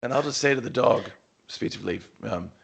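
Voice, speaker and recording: A man's voice: medium pitch, expressive, moderate pace, vocal fry, husky. A man playing in a tabletop game, chatting casually and rambling as he interrupts himself.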